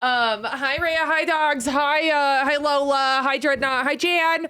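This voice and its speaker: A woman's voice: high-pitched, fairly even intonation, takes it slowly, sharp tone, no room sound, studio quality. A young adult woman streaming live, chatting casually and playfully, teasing and greeting her viewers by name. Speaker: livestreamer. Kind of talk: casual livestream chat.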